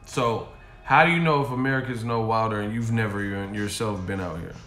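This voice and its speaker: A man's voice: lowish voice, brisk, a bit bright. A man ranting on a stream in a profane, mocking way from a hotel room. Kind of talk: casual rant. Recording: echoey room.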